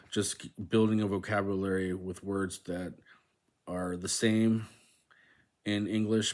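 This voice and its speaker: A deep-voiced man walks through a language textbook on his channel, reading aloud in a casual, halting way. His pitch stays flat and level. He fills pauses with ums and says practice words more than once. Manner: hesitant, many "um"s, repeats words to practice them. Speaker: host of a language-learning channel. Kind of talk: casual self-study walkthrough, reading aloud from a book.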